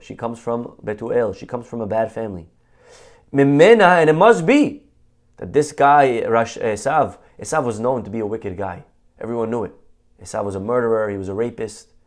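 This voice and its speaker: A man, a rabbi, giving a conversational Torah class, asking rhetorical questions and quoting Hebrew texts. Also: medium pitch. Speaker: rabbi teaching.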